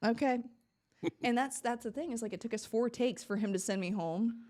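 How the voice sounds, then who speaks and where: A woman's voice: a little high, brisk, a little hiss or hum. A young woman from Florida, a podcast guest, telling stories in casual chat, acting out quoted lines and laughing often. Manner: animated, acts out quoted dialogue, laughs often. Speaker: podcast guest, reality TV contestant.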